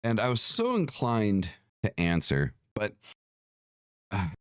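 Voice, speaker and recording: A man's voice: fairly low pitch, wildly swooping pitch, slow pace, clean tone, no room sound, studio quality. A man hosting an occult livestream, ranting in a casual, profane, irritated way, with many restarts.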